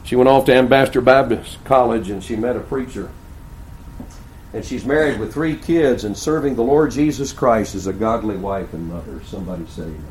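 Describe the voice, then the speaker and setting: A man's voice: mid-range voice, fairly quick, darkish tone, a little hiss or hum. Folksy male preacher in echoey church. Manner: folksy, humorous storyteller. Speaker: pastor. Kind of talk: sermon storytelling. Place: church sanctuary.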